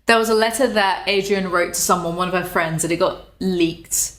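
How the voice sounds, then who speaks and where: A young British woman giving casual, sarcastic commentary, animated and swearing freely. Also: on the low side, normal speed. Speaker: commentary YouTuber. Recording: echoey room.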